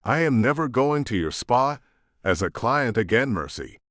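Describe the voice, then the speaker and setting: A male narrator voicing a guarded, businesslike young woman on a phone call, crisp and formal. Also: medium pitch, very animated, normal speed, fairly bright tone, no room sound, clean studio sound, pitched above the performer's own voice.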